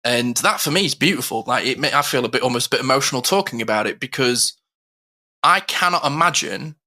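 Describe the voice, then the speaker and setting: A man co-hosting a casual podcast, his voice bright and forward. He speaks from the heart, rambling through thoughts with plenty of fillers and restarts, at an average pitch for a man. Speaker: co-host.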